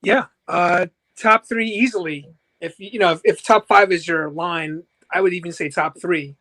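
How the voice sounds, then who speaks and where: High-voiced man rambling in casual chat. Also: normal speed, pushed and bright. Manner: searching, full of fillers like "like" and "you know".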